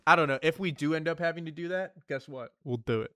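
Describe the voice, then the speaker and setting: Brief: male streamer, casual animated rambling chat over gameplay, slightly high pitch, dry sound. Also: fast, no room sound. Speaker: streamer playing a survival game. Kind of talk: casual gaming commentary.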